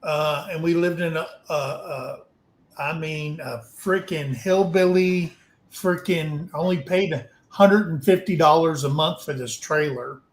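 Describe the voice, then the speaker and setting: A man's voice: fairly high pitch, unhurried, echoey room, rough recording. A man casually telling a frank, rambling story to a livestream audience, swearing now and then. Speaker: open mic storyteller.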